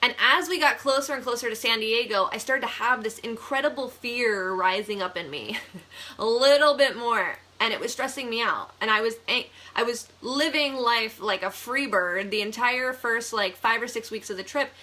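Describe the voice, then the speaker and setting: A young woman from the Buffalo area tells a personal story in a casual vlog. Her voice sits a little high and sounds bright. She is chatty and animated and breaks into laughter often. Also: normal speed. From Buffalo, New York area. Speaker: vlogger, real estate agent.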